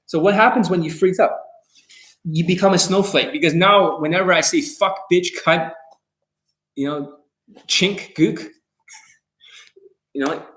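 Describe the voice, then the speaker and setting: A man with a slightly high voice rants on a livestream as a dating coach. He is blunt and swears constantly, and he jumps from loud jabs to muttered asides. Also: moderate pace, pauses often, low-quality recording. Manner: blunt, heavily profane, confrontational; animated, swings between loud jabs and low asides. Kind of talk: live stream rant, reading viewer comments.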